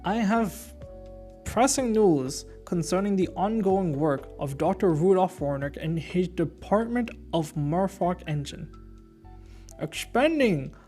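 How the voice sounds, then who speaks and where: A stiff German official reads out a report in a formal, declaiming manner, as a streamer puts him on. The delivery is slow, deliberate and a little pompous, at a middling pitch. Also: mellow. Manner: formal, declaiming, breaks into giggles. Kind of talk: mock-dramatic reading of an in-game document.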